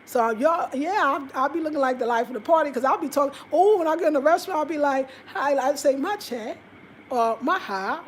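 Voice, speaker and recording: A woman talking casually to her viewers in an animated, chatty way. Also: high-pitched, a little hiss or hum. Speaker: travel vlogger. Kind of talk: casual talk to camera. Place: apartment room.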